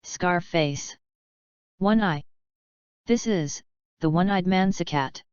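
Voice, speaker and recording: A woman reading a hoarse gloating villain. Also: lowish voice, slow, dry recording, highs cut off. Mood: taunting. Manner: taunting, gloating. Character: hoarse sneering male villain hypnotist. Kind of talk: audiobook reading.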